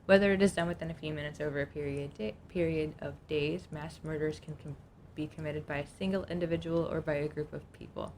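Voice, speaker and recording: A woman with a notably low voice co-hosts a casual podcast, reading definitions from her notes in a chatty way. A faint rumble sits under the recording. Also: fairly even intonation, a little fast, darkish tone. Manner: reads notes aloud, chatty, laughs easily. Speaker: podcast co-host.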